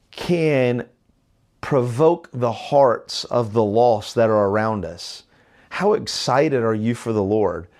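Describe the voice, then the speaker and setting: A man giving casual verse-by-verse Bible teaching in a conversational way, with many fillers and restarts and frequent check-in questions to the listener. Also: medium pitch.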